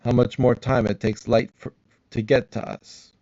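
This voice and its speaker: A man's voice: medium pitch, level tone, moderate pace, mellow, no room sound, muffled recording. A man reacting to a science video, arguing back and rambling as he thinks aloud. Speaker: reacting vlogger.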